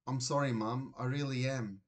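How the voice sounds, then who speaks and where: A man's voice: mid-range voice, steady tone, normal speed, close to an everyday voice. A man voicing a flustered young boy caught in a fib, in a children's storybook reading. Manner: hesitant, flustered.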